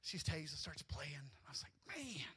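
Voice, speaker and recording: A man with a high, bright voice preaching a sermon. He tells personal stories with lively, animated energy and often climbs almost to a shout. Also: moderate pace, husky. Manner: animated storytelling, often rising to near shouts, with laughs. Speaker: pastor.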